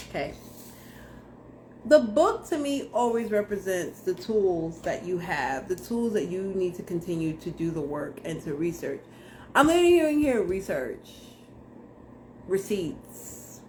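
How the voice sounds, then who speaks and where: A woman's voice: fairly low pitch, big pitch swings, unhurried, long pauses, darkish tone, slight background noise. A young woman giving a casual tarot reading to camera, blunt, slangy and profane as she talks straight to viewers. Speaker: tarot reader.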